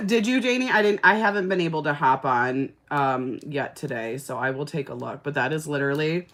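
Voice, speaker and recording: A woman with a low-pitched voice and a bright, pushing tone recounts a chaotic story to her livestream audience. She talks casually and dramatically, throwing in swear words as she applies makeup. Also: unhurried, pauses often. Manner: animated, exaggerated storyteller who swears casually. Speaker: livestream host doing makeup.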